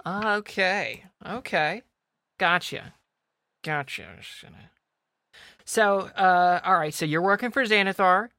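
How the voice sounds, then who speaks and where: A man's voice: sits high, animated, slow pace, long pauses, bright, forceful tone, dry recording. A man playing in a casual tabletop role-playing game, talking in an easygoing way. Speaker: player.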